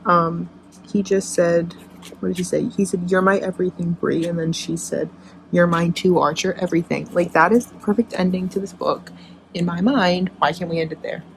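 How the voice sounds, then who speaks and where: A woman's voice: lowish voice, steady tone, moderate pace, slight background noise, low-quality recording. A young woman book vlogger chatting casually and emotionally about a book she is reading, full of fillers. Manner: gushing and emotional, with frequent fillers.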